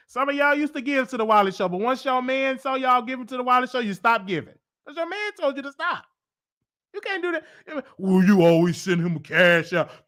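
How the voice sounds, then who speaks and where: A man hosting a casual livestream chat, teasing his viewers in an animated, repetitive, slangy way. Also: high-pitched. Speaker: host.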